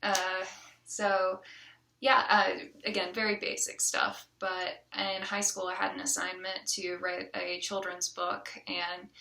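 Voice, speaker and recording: A woman's voice: mid-range voice, vocal fry, pushed and bright, echoey room, far from the mic. A woman from the Southern United States with a light Southern accent, giving a chatty, casual self-introduction as a college student, with frequent ums and restarts.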